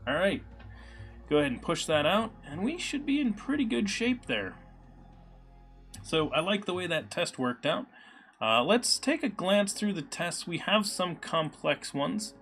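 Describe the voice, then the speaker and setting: A man's voice: high-pitched, sing-song, a little slow. A man hosting a live coding stream, thinking aloud with many fillers and answering chat. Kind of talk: casual live-coding commentary. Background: soft background music.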